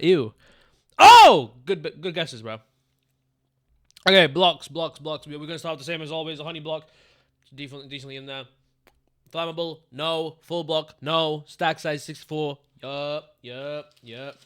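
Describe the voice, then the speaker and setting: A young man chatting through a live game stream, profane and quick to get worked up. His voice sits a little high for a man and comes across bright and forceful, and he keeps calling his viewers "bro". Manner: profane, excitable, calls the chat bro. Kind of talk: casual live-stream gaming chat.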